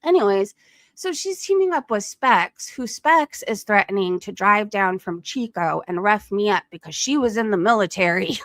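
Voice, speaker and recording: A woman's voice: mid-range voice, animated, normal speed, no echo, studio quality. A young adult woman streamer giving casual gossip commentary, blunt and profane, laughing often. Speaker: live streamer.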